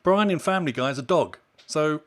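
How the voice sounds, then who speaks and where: Over a noisy crowd, a man's slightly high voice moves at a somewhat quick pace. As a podcast co-host in casual conversation, he presses his opinions emphatically until they spill into exasperated outbursts.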